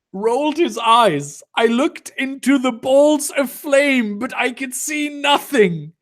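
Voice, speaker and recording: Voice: sits high, animated, slow, a bit bright. Sarcastic, swearing comedic reader. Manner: sarcastic, exasperated, swears often. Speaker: fanfiction reader and commentator. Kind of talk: comedic dramatic reading with commentary.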